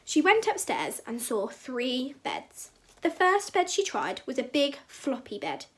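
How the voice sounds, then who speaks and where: A woman teacher reading a fairy tale aloud for children in an expressive, sing-song way. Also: high voice, unhurried.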